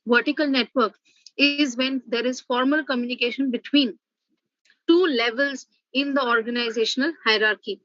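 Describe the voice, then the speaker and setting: A woman's voice: high voice, steady tone, moderate pace, fairly bright tone, dry recording, lo-fi sound. A woman professor giving an online revision lecture, explaining step by step with the odd "uh" and "okay".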